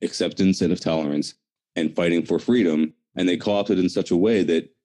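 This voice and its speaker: A man ranting in a casual political discussion, fast and profane. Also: deep voice, fairly even intonation, dark tone.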